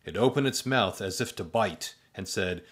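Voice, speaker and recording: A man narrating a comic spooky story in a dry, deadpan manner with playful asides. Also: on the low side, moderate pace, slightly rough.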